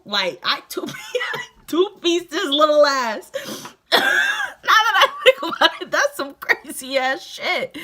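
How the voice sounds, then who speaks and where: A young woman vlogger telling a story casually while doing her makeup, animated and profane, laughing often. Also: sits high.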